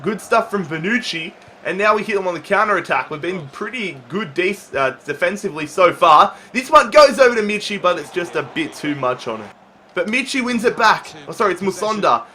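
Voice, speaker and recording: A young man commentating his own football video game match, calm when explaining, then shouting at big chances. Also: sits high, a little hiss or hum. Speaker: gaming YouTuber.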